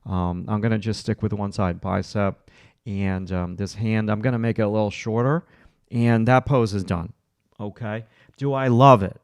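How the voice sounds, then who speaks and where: A man's voice: fairly low pitch, normal speed, clean tone, dry recording, studio quality. A man teaching a livestreamed drawing lesson, talking through each stroke as he sketches and encouraging viewers to keep going. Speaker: art instructor.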